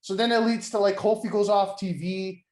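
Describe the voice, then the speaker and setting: A man's voice: sits high, steady tone, moderate pace, a little mellow. A man co-hosting a casual wrestling podcast, rambling with lots of "like" and restarts, acting out quotes and swearing. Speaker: podcast co-host. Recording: echoey room.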